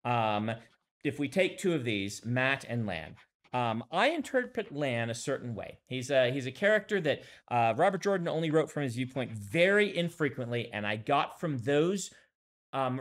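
A man co-hosting a podcast, talking in a thoughtful, casual way with frequent pauses. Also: medium pitch, lively intonation. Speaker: podcast co-host, author. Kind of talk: casual conversation.

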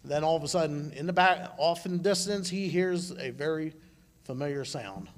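Give me a man preaching informally at a church service, halting and restarting, with a slightly high voice. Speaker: church speaker. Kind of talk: conversational sermon. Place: church service, live broadcast.

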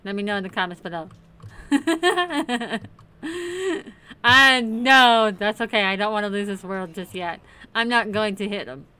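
A woman's voice: mid-range voice, a little fast, sharp tone, smooth. A woman host casually commenting on her Minecraft play, chatty and playful, talking to the game's characters. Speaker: gaming channel host.

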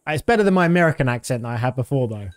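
Man, 30s, streamer, casual game talk, rambling, middle pitch. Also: racing. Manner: rambling, relaxed, many fillers. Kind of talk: casual gameplay commentary.

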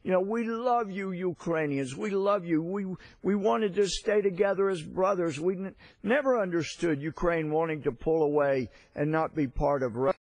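A man's voice: high-pitched, normal speed, few pauses, darkish tone, dry recording, pitched above the performer's own voice, rough recording. A man voicing a drunk, boisterous older family patriarch who gushes effusively in a raised voice. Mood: gushing. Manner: effusive, gushing.

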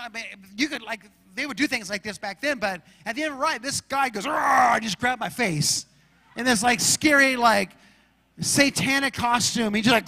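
A man from Arizona preaching a sermon as pastor, telling stories in an animated way and acting out shouts and roars. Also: very high-pitched, big-room sound. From Arizona, USA.

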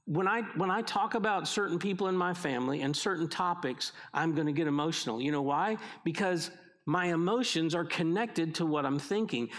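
A middle-aged pastor delivers a sermon in a voice pitched slightly higher than most men's. He speaks to his congregation conversationally, frequently doubling back and starting sentences over.

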